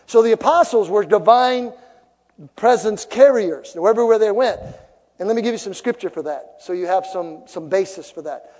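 Male preacher, high voice, emphatic sermon delivery with loud peaks, recorded in a reverberant church. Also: animated, moderate pace. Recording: long reverb of a large hall.

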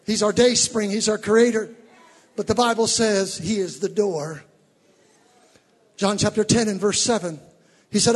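A male preacher giving a fervent sermon, rising from teaching to shouted exhortations. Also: sits high, slightly rough, in a large hall.

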